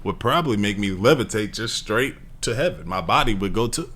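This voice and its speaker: A man's voice: lowish voice, animated, a little fast, fairly bright tone, slight background noise. A man giving casual reaction commentary over a video, talking in incredulous, rambling bursts and exclamations. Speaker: reaction streamer.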